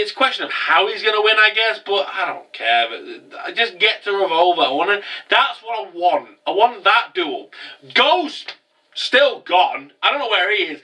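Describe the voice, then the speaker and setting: Young man, casual anime review, animated rambling, very bright sharp tone, mic set back. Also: high voice, far from the mic, poor audio. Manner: animated, rambling, many restarts.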